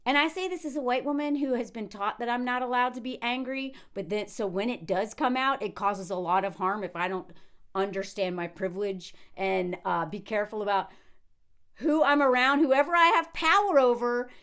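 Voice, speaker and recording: A woman hosting a casual commentary video, talking in an animated way, laughing often and acting out what others said. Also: on the high side, moderate pace. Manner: animated, frequent laughs, acts out quotes in character voices.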